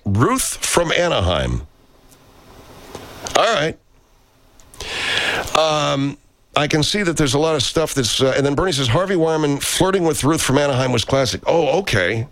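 A man's voice: mid-range voice, sing-song, measured pace, long pauses, a bit bright, dry recording. A man hosting a live stream, chatting casually and reading viewer comments aloud, loose and profane, speaking into a studio microphone. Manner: loose and profane, aside-heavy.

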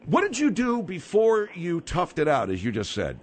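A man's voice: high-pitched, huge pitch swings, moderate pace. Needling male radio talk host. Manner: probing, needling. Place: radio studio.

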